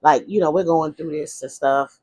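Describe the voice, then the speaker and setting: A woman's voice: sits low, normal speed, warm tone, husky. A woman vlogger telling her own life story in a candid, casual way. She rambles frankly, restarts her sentences and adds asides.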